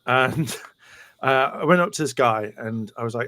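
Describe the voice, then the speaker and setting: A British man co-hosting a podcast, telling stories in a casual, animated way and laughing through them. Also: mid-range voice, unhurried, dry recording. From United Kingdom. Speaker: podcast co-host. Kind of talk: casual storytelling.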